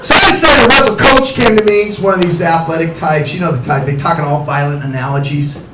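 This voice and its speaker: A middle-aged man performing animated stand-up comedy at a cafe comedy night, talking to the audience. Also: fairly high pitch, fast talker. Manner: animated, acts out voices, addresses the audience. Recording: roomy, distant mic, loud background noise.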